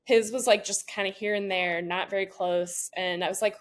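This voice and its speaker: A woman's voice: medium pitch, little pitch movement, normal speed, few pauses. A woman in a mid-range voice co-hosts a podcast. She is chatty and anecdotal, with plenty of "like" fillers. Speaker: podcast co-host. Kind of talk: casual podcast chat.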